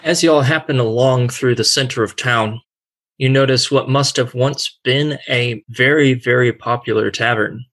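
A man running a tabletop game as game master, narrating the scene in a deliberate, descriptive way. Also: medium pitch, fairly bright tone.

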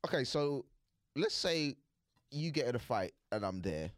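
A young man co-hosts a casual podcast, cracking jokes and laughing between lines. His pitch moves freely up and down, and the sound is dry and close to the mic. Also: sing-song, measured pace, no echo. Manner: teasing, laughs often. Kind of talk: casual chat.

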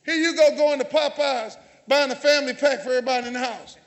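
Speaking fast in an extremely high voice, a man with a Southern US accent preaches from the sanctuary as pastor. He calls out to the congregation and teases them, with a handheld or stage microphone picking him up.

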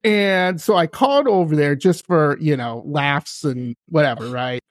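A man hosting a podcast, telling a story in casual chat, animated and laughing often. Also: a little high, a little slow, dry recording, clean studio sound. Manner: animated, laughs often, acts out quoted voices. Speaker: podcast host.

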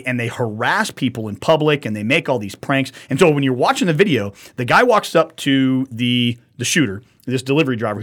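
A man telling a story on a casual podcast. His voice is husky and a little breathy, and he swears freely as he acts out the people in it. His delivery is animated and talky. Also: mid-range voice. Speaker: podcast co-host. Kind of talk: casual profane podcast chat.

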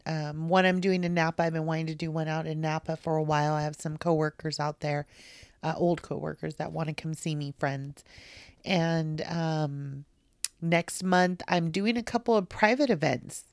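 Chatty woman comedian, lowish dry voice. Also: clean tone, dry recording. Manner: chatty, animated storytelling with laughter. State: teary near the end. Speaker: comedian guest. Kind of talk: casual podcast chat.

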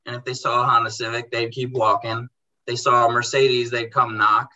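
A young man who runs a car detailing business, telling animated stories in casual chat and acting out dialogue in quotes. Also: mid-range voice, normal speed, highs cut off. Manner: animated, acts out dialogue in quotes, says bro and dude. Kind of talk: casual storytelling in a podcast chat.

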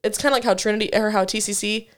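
Animated young woman telling a story. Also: medium pitch, very fast. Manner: animated storyteller, laughs often. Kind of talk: casual chat.

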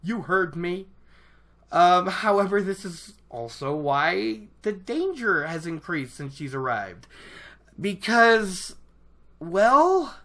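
An excitable book vlogger chatting to viewers about a fantasy novel in an ordinary mid-range voice. They ramble and trip over their own sentences, restarting thoughts and breaking into laughter at their own enthusiasm. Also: mid-range voice, slow pace. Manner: excitable, rambling, self-interrupting, laughs often. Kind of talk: casual book discussion to camera.

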